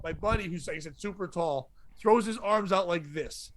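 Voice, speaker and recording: A comedian telling a rowdy story on a podcast, laughing through it. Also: male voice, high voice, moderate pace, no room sound. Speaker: comedian guest.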